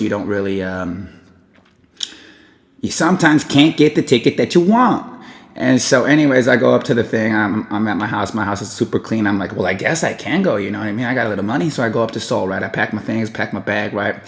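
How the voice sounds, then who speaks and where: A man telling a long personal story in a casual vlog. He rambles and jumps into high, animated voices when quoting people.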